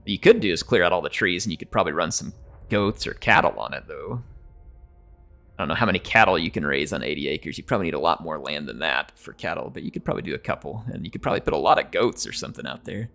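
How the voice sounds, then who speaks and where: A man's voice: extremely low pitch, expressive, quick pace, creaky, fairly bright tone. An American man with a near-neutral accent and a slight drawl, chatting in a rambling way while streaming a strategy game. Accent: General American, slight drawl. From United States. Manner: rambling and chatty, chuckles often. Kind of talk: casual live-stream chat.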